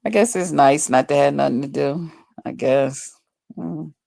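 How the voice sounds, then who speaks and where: A woman's voice: sits low, measured pace, vocal fry, dark tone, no room sound. A woman chatting casually to her viewers on a phone livestream from home, rambling and swearing freely. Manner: rambling, profane, talks straight to viewers.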